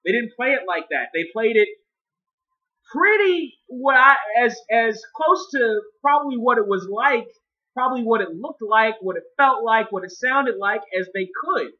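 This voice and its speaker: A man's voice: extremely high pitch, lively intonation, normal speed, pushed and bright, highs cut off. A man giving a casual spoken movie review, profane and rambling, often restarting his sentences.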